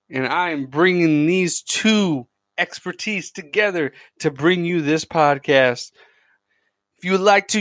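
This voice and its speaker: A man's voice: high-pitched, fairly bright tone, no echo. Upbeat man hosting a dry podcast. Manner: chatty and enthusiastic, with frequent restarts. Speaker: podcast host. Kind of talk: casual podcast monologue.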